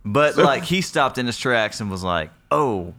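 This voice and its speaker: A man's voice: medium pitch, very animated, normal speed, sharp tone. A man co-hosting a podcast in casual chat, laid-back and joking. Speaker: podcast co-host.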